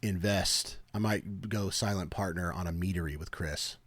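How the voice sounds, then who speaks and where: A man's voice: deep voice, normal speed, dry recording. A young man co-hosting a podcast, telling stories in casual chat and acting out the people in them with big voices. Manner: animated storyteller, acts out quoted people loudly. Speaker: podcast co-host. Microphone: podcast mic at a table.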